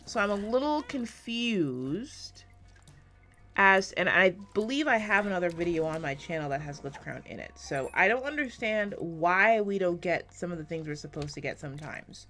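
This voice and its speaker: A woman giving casual, rambling commentary while playing a video game, self-deprecating and swearing often, swinging between quiet and loud, on a close desk mic. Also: fairly low pitch, animated, normal speed. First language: English. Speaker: gaming YouTuber.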